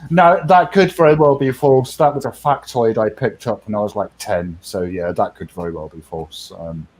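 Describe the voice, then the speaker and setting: A man's voice: on the low side, normal speed, darkish tone, low-quality recording. A man with a New Hampshire accent hosting a casual stream, rambling and laughing at himself. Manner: rambling, self-deprecating, laughs often. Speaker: stream host. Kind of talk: casual chat.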